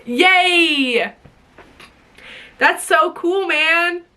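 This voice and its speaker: A woman's voice: very high voice, extremely slow, pushed and bright. A young woman venting straight to camera, bitterly sarcastic and swearing, her voice sometimes breaking. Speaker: vlogger. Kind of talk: emotional direct-to-camera rant.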